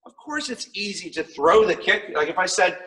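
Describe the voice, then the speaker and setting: A man's voice: sits high, animated, normal speed, sharp tone, far from the mic, poor audio. A man teaching a martial arts class on video, upbeat and coaching as he counts out the kicks.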